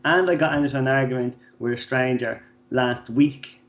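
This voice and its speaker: A man's voice: medium pitch, fairly even intonation, moderate pace. A man, co-hosting a podcast and telling profane stories in casual chat, acting out the people in them. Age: 30s. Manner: swearing storyteller, acts out voices in anecdotes. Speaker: podcast co-host.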